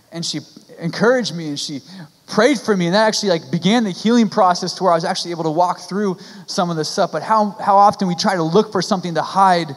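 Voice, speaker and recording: A young male pastor with a notably high voice preaching a sermon in a church, his words trailing into a long hall reverb. He talks earnestly and pleadingly, restarting phrases and leaning on casual fillers. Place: church sanctuary.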